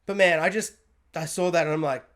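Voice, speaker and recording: An excitable man rants to his camera alone in his room, reviewing spoilers with big emphasis. His delivery jumps from loud outbursts down to low, half-muttered asides. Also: a little fast. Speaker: pop culture reviewer and podcast host. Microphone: camera mic.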